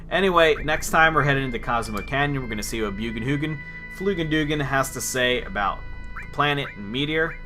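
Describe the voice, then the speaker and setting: A man hosting a let's play, chatting casually with joking, profane, rambling asides. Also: mid-range voice. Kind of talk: casual gaming commentary.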